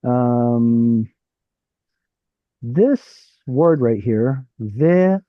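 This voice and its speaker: A man's voice: mid-range voice, lively intonation, unhurried, no room sound, narrow, tinny audio. A man teaching an online Hebrew class, explaining while thinking aloud and asking his students questions. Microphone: video call.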